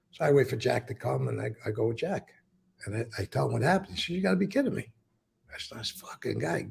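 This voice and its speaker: A man's voice: mid-range voice, a little mellow. A man telling stories about his past in a casual interview, acting out what others said and swearing often. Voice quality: gravelly, husky voice. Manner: acts out quoted dialogue, repeats words, swears. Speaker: former mobster telling stories.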